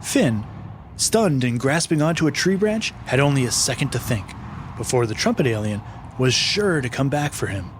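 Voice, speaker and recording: A man's voice: mid-range voice, sing-song, moderate pace, a little hiss or hum. A man hosting and narrating a scripted children's adventure story, patient and friendly. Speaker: host and narrator.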